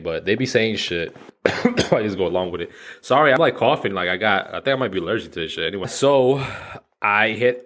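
Man around thirty, fairly low voice, rambling solo podcast talk, profane, self-mocking. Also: fairly bright tone. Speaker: podcast host. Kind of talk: casual solo podcast monologue.

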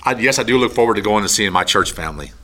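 A man giving a heartfelt spoken testimony, halting and earnest, then leading a prayer. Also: on the low side, lively intonation, sharp tone.

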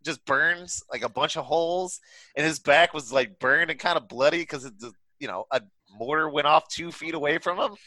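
A man's voice: on the high side, normal speed, bright, forceful tone, dry recording. A young man casually telling a wild story among friends, swearing and laughing as he goes.

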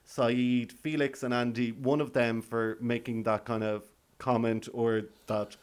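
Guy hosting a podcast, playful chatty recap voice, laughs a lot, middle pitch. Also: flat delivery, a little slow, clear, resonant tone. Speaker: podcast host. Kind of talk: casual recap chat.

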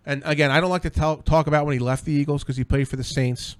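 A tipsy man hosts a podcast, rambling through excitable, profane stories. His voice sits a little high. The recording is dry and close. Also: fast talker, clear, resonant tone, no echo. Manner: excitable, swears freely, rambling anecdotes. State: tipsy from drinks. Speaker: podcast host. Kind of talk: casual podcast chat.

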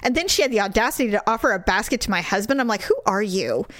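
This woman talks fast in a mid-range voice, recorded at studio quality with no echo. Co-hosting a podcast, she spins an animated story in relaxed chat and voices the quotes of the people involved.

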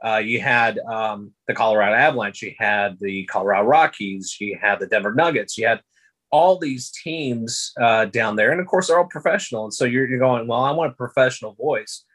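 Male PA announcer, husky, conversational interview storyteller. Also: mid-range voice, a little fast, rough recording. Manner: storytelling, animated impressions of announcers. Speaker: public address announcer. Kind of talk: casual interview talk.

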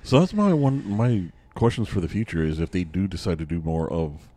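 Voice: low voice, sing-song, a little fast, mellow, slight background noise. A podcast co-host in casual movie chat, mostly giving short agreeing replies.

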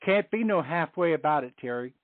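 A man's voice: on the high side, lively intonation, brisk, no room sound. Middle-aged man, earnest faith testimony, repeats himself for emphasis, heard over a phone line. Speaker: guest on a Catholic radio show.

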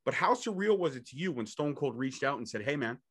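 A man's voice: mid-range voice, very animated, quick pace, a bit bright, breathy edge. A man hosting a podcast interview, asking eager, hyped-up questions. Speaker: podcast host.

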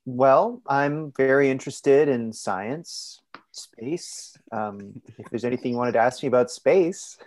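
A man's voice: medium pitch, lively intonation, normal speed, darkish tone, close to an everyday voice. A man plays a brash, grumpy wife in his ordinary mid-range voice. She snaps insults at her husband in an improvised comedy podcast sketch. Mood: flattered. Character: grumpy wife stuck in a pool, secretly nerdy.

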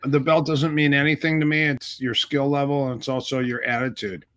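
A man's voice: mid-range voice, a little fast. A middle-aged man, a martial arts instructor, casually telling stories in an interview and acting out the dialogue. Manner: animated storyteller acting out quoted dialogue.

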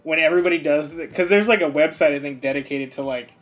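An easygoing man with a fairly high voice co-hosts an anime podcast. He rambles in slangy, relaxed chat and keeps checking in with his listeners. Faint music sits under his voice. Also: quick pace. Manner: easygoing, rambling, slangy, says "you know what I mean". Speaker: podcast co-host. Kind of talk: casual chat.

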